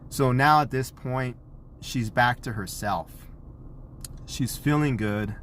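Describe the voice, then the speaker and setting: A man, a parent, telling a story in a vlog, animated and acting out the scenes he describes. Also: medium pitch, slow pace, slight background noise.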